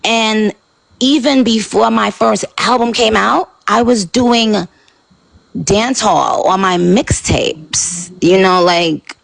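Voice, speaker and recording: A woman from New talks through a casual interview. Her voice has a gravelly fry to it and sits at a middling pitch. She rambles and circles back, animated and full of fillers. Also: slow, rough recording. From Queens, New York. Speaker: interview guest.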